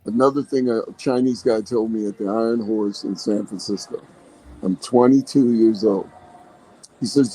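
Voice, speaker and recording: A man's voice: fairly low pitch, fairly even intonation, normal speed, warm tone, rough recording. An older man in casual podcast chat, telling folksy stories about work and life and laughing often.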